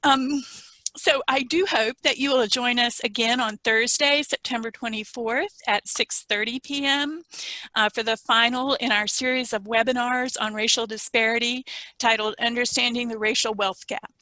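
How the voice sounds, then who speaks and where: A woman's voice: fairly high pitch, fairly even intonation, moderate pace, pushed and bright, no room sound. A woman hosting a webinar over a video call, giving thankful, emotional closing remarks and announcements. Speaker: webinar host.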